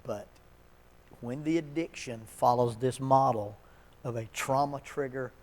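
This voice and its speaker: A man leading an addiction seminar at a church, talking in a relaxed, conversational way, telling stories and chuckling often. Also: mid-range voice, measured pace. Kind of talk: casual seminar talk.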